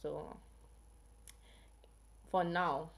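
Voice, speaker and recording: A woman's voice: low voice, level tone, drawn-out words, vocal fry. A woman from Africa hosting a casual health livestream, chatting with viewers and asking them questions. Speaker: health channel livestream host.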